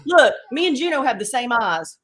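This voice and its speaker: A woman's voice: high-pitched, sing-song, moderate pace, fairly bright tone. A woman from the Carolinas guesting on a live stream over a call, chatting playfully. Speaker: guest co-host. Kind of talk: casual live stream chat.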